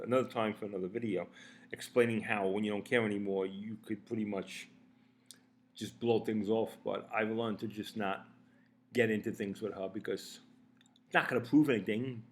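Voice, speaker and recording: Blunt, rambling man with a low voice. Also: steady tone. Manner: profane, blunt, halting with many restarts. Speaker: vlogger. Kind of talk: rambling casual monologue.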